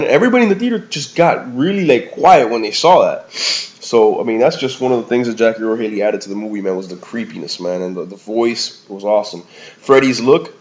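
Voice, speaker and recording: A man giving a casual, rambling movie review in slangy talk, often calling the listener "man" or "bro". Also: mid-range voice. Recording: slightly dull lo-fi recording.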